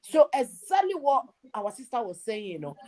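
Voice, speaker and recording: A woman in a casual group discussion, lively and switching between Twi and English. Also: a little high, normal speed, background noise. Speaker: panelist.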